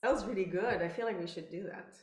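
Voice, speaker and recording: A woman who is a guest on a webinar, laughing easily and chatting in a relaxed way over a video call. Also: mid-range voice, quick pace. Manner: giggly, relaxed. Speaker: guest speaker. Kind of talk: casual webinar chat. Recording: echoey room.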